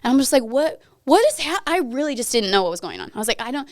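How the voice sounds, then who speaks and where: A woman's voice: on the high side, expressive, rapid-fire, no room sound, clean studio sound. A young woman, a podcast guest, earnestly retelling a personal story and acting out what each person said. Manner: earnest, vivid retelling that acts out her own and others' words.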